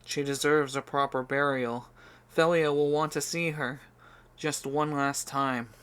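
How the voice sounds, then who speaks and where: A man's voice: mid-range voice, fairly even intonation, unhurried, fairly bright tone, clear, resonant tone, natural voice. A man reading an audiobook, voicing a stern blacksmith father who is desperate and grieving, with a strained delivery.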